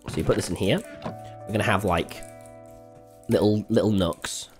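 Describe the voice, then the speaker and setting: A young man chatting to his live-stream audience while playing, excitable and swearing freely. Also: fairly low pitch, normal speed, soft background music. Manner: excitable, swears freely, jumps between game and chat. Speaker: game streamer.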